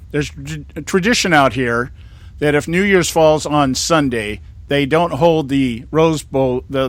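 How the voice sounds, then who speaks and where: A man's voice: fairly high pitch, a bit bright, dry recording. A man in his sixties from California, hosting a talk show in a rambling, indignant monologue with many restarts. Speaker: host.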